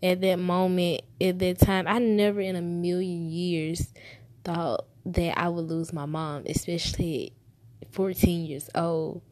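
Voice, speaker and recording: A woman's voice: on the low side, little pitch movement, unhurried, a little mellow, no room sound. A woman in her twenties telling a personal story to the camera, heartfelt and emotional, repeating herself as she holds back tears. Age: 20s.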